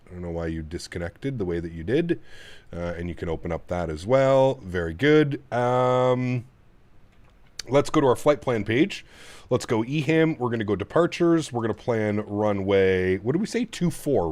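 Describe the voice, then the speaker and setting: A man's voice: fairly low pitch, lively intonation, moderate pace, a little mellow. A man from Canada hosting a casual live flight-sim stream, cooing to his dog and talking through cockpit setup steps.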